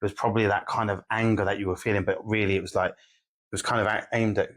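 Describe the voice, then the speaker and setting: Low-voiced man, supportive podcast co-host. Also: level tone, fast, fairly bright tone. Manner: supportive listener, reflective, many fillers. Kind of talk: candid podcast conversation.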